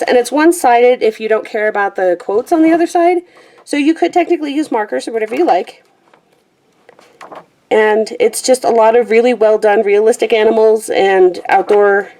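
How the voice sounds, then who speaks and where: A woman's voice: a little high, normal speed, darkish tone. A young woman chatting casually through her collection, slightly out of breath, often correcting herself and laughing. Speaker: vlogger. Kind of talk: casual rambling chat.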